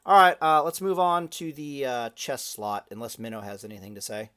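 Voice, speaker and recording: A man hosting a laid-back gaming podcast, talking at a middle pitch in loose, rambling chat. He swears often and trips over his own sentences. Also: fairly even intonation, moderate pace, sharp tone, smooth. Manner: profane, rambling, lots of restarts. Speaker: podcast host.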